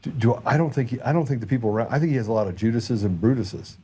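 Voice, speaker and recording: A man's voice: medium pitch, rapid-fire, a little hiss or hum. A man hosting a podcast, telling a story in casual chat and quoting others in his own voice. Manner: animated anecdote teller, quotes people in his own voice. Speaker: podcast host.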